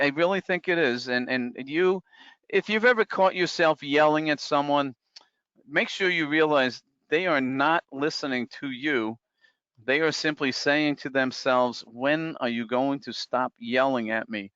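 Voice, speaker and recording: A man presenting a live webinar in a smooth, clear voice, talking conversationally with plenty of fillers and restarts. The sound is dry and a bit muffled, like a home computer mic. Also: fairly high pitch, a little slow, sharp tone, no echo. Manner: conversational, many fillers and restarts, reads out chat comments.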